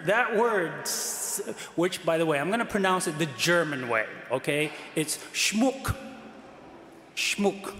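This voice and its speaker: A man's voice: a little high, fairly bright tone, slight background noise. A man who is a priest, giving a conversational sermon with frequent fillers and light laughs. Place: large church. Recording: echoey church from a distance.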